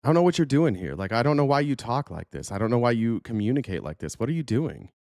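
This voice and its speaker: A man's voice: mid-range voice, big pitch swings, fast talker, vocal fry, darkish tone, no room sound, studio quality. Blunt, swearing male political host. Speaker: show host. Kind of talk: profane political commentary.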